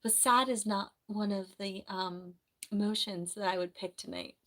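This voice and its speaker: A woman streams live in a casual, rambling chat and reads out comments as she goes. She speaks softly at a middling pitch, and her sore throat makes her clear it now and then. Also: fairly even intonation, moderate pace. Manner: chatty, rambling, soft-spoken.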